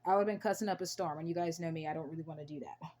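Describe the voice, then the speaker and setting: A woman's voice: low-pitched, rapid-fire, dark tone. A young American woman talking to camera on her own channel, earnest and emphatic, often repeating herself for emphasis. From United States. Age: young adult. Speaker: channel host. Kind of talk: casual to-camera talk.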